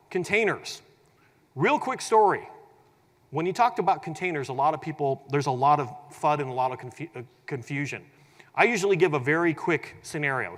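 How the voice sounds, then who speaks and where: A man giving a tech conference keynote in a large hall, energetic and humorous, acting out quoted scenarios as he explains. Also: a little high. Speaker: conference presenter. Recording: long hall reverb.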